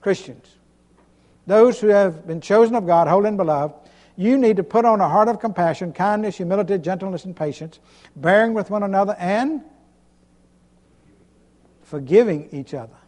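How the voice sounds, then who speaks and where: A pastor preaching an emphatic sermon, repeating himself and chuckling between points. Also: male voice, high-pitched, normal speed, long pauses, a little mellow. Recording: long hall reverb.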